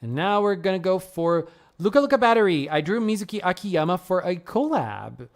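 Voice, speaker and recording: Fairly quick and sing-song, a woman's somewhat low voice carries her casual live-stream chat as she reviews fan art. She gushes effusively, with exclamations, laughs, and gasps coming often.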